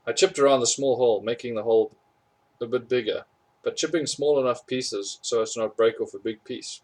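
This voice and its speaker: A man's voice: medium pitch, a little fast, rough recording. A man reading a storybook chapter aloud, amused by the story and correcting his own slips as he goes. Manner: amused, chuckles at funny parts, corrects slips. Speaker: audiobook reader.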